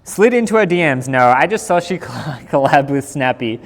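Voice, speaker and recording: A man's voice: medium pitch, expressive, normal speed, long reverb tail. A young man with an Australian accent, a skateboarder chatting casually on a live stream in a laid-back, slangy way.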